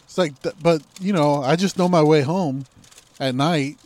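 A man's voice: a little high, normal speed, darkish tone, no room sound. Foul-mouthed ranting young man, dry sound. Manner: profane, ranting, mocking. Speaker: podcast co-host. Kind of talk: casual chat.

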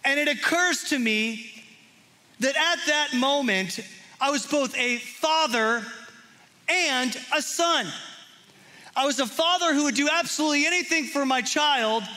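A male pastor with a high, ringing voice delivers a heartfelt sermon. He tells a personal story with earnest feeling. At times he sinks into a soft, close hush. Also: a little slow. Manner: earnest storytelling, drops to hushed intimate tones.

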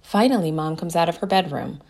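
Woman, children's story narrator, first person, low voice, gravelly fry. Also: animated, a little fast, a little mellow. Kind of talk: reading a children's story aloud.

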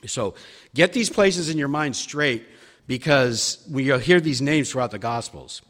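A man's voice: mid-range voice, expressive, measured pace, a bit bright, long reverb tail. A man teaching a church Bible study class from slides, talking in a conversational, emphatic way with frequent fillers and restarts.

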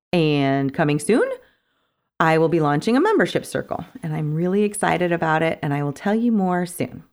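A middle-aged woman hosting her podcast, talking in an upbeat, chatty way and laughing easily. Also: on the low side. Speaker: podcast host and organizing coach. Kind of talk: casual podcast chat.

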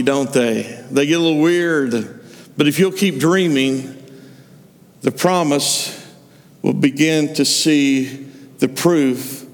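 A man preaching a sermon, retelling stories and acting out the voices of the figures he quotes. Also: a little high. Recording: long hall reverb.

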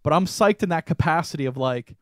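A young man co-hosting a podcast, telling a story in casual chat, animated and laughing often. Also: fairly high pitch, a little fast, no echo, studio quality. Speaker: podcast co-host.

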